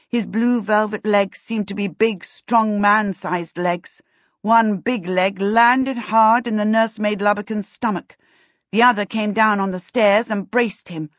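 A woman narrating a fantasy novel in a measured, expressive way. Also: medium pitch, no echo. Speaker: audiobook narrator. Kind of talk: scripted narration. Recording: dull dry lo-fi recording.

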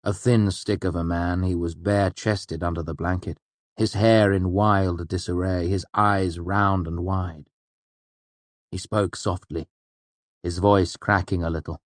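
A man reading a novel aloud as narrator, in a measured, even storytelling manner. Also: low-pitched, no echo. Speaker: audiobook narrator. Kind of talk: scripted narration.

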